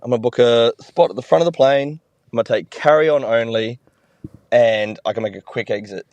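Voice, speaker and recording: A man's voice: mid-range voice, fairly quick, darkish tone, no room sound, dull audio. Grumbling man venting in a dry voicemail. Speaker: caller leaving a voice message.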